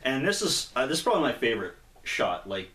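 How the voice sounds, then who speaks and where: A man's voice: mid-range voice, sing-song, fast, pushed and bright, slight background noise. A man casually retelling a comic book's plot in a rambling way, with lots of fillers and acted-out quotes. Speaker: comic book reviewer, co-host. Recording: echoey room.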